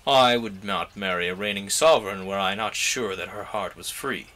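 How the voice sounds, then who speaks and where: A man's voice: lowish voice, moderate pace, sharp tone, pitched below the performer's own voice. A man reading a novel aloud, voicing an ambitious, haughty young nobleman in a grand, declamatory way.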